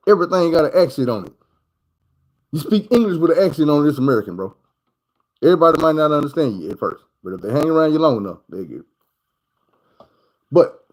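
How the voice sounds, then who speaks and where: A man's voice: fairly high pitch, husky, rough recording. A man from Arkansas with a Southern accent telling stories in a loose, profane, repetitive way in a casual monologue. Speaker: vlogger.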